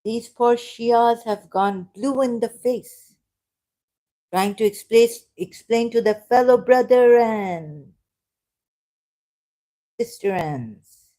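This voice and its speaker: A woman's voice: a little high, takes it slowly, pauses often, dark tone. A woman giving casual, sarcastic commentary while reading aloud from a screen. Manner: sarcastic, mocking. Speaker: video creator.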